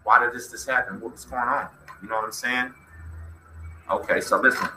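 A man from Texas hosting a casual show, telling a story in an animated way and acting out the quoted dialogue. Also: medium pitch, normal speed. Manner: animated, acts out quoted dialogue, talks to chat. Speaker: host. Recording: echoey room with faint noise.

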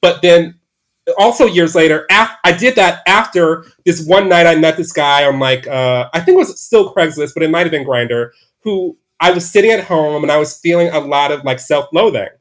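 A man's voice: a little high, normal speed. Rambling man telling a candid story. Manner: rambling, frequent "like" fillers and restarts. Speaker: podcast guest. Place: his bedroom at home.

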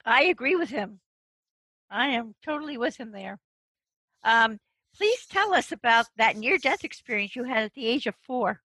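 Female interviewer with a bright, slightly high voice, dry and close, wry and brief. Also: expressive, normal speed, husky, no room sound, rough recording. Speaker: interview host.

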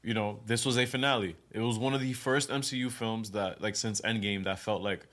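A man co-hosting a podcast, talking casually and excitedly, laughing often and calling friends bro. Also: fairly low pitch, a little fast. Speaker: podcast co-host. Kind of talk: casual chat.

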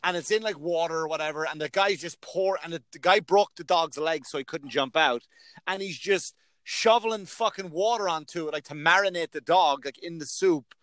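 A man with a fairly high voice rants in a casual, profane chat, acting out loud outbursts as he tells stories. The sound is close and dry, with no room echo. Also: normal speed. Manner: animated, swearing, loud acted outbursts.

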